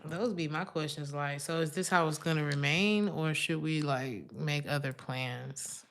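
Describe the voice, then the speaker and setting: Woman, tarot reader, live stream, casual chatty delivery, deep voice. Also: a little slow, fairly bright tone. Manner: casual, chatty, calls the viewer honey.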